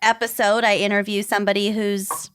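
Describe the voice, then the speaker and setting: A woman with a Minnesotan accent co-hosting a podcast in casual chat, making dry, deadpan quips. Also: medium pitch, fairly quick, clear, resonant tone, no echo. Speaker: podcast co-host.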